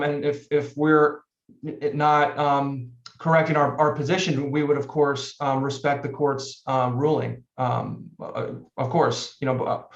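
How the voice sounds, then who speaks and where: A man arguing for the appellant in court, hesitant and filler-heavy, often restarting his sentences. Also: on the high side. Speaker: attorney for the appellant. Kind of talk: courtroom oral argument. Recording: echoey, muffled courtroom audio.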